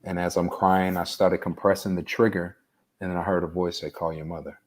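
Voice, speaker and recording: A man as an interview guest, telling a personal story in an earnest, unhurried way. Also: sits low, little pitch movement.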